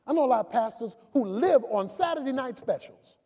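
A man's voice: very high voice, animated, a little fast, mellow. A man preaching a sermon as pastor, emphatic and calling out key words to his congregation. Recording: long reverb of a large hall.

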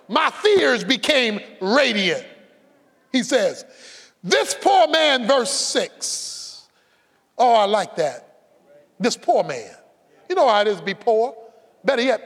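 A man preaching a fiery sermon, shouting and stretching words for emphasis, with a folksy conversational edge. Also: very high voice, sing-song, takes it slowly. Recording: long hall reverb.

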